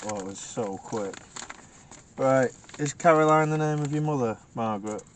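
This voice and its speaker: A man's voice: mid-range voice, normal speed. A man, a paranormal investigator who chats casually, jokes and laughs often while he asks the spirits direct questions. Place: inside a car at night. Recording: noisy field recording.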